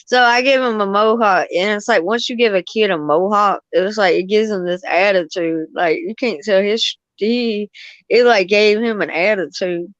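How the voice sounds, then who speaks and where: A woman's voice: mid-range voice, moderate pace, no echo. A woman chatting casually about her son, loose and talkative with slang. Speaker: parent sharing stories in chat. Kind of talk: casual chat. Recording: dry, dull lo-fi sound.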